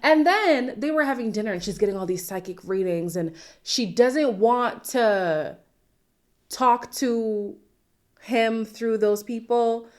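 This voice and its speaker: A woman with a mid-range voice chats through a reality TV recap. She sounds incredulous and sassy, with quick asides. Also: medium pitch. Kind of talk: casual recap commentary.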